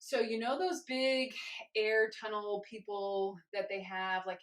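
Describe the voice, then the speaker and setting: A young woman leading a guided movement class, encouraging and gentle, a little out of breath as she moves. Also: mid-range voice. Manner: encouraging, gentle, invites choices. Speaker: movement instructor. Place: home room with carpet.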